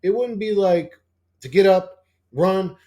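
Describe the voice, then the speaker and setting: A man's voice: lively intonation, slow, dark tone. A man rambling casually as a channel host, swearing often and full of fillers and restarts. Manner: acts out quoted dialogue in a higher voice.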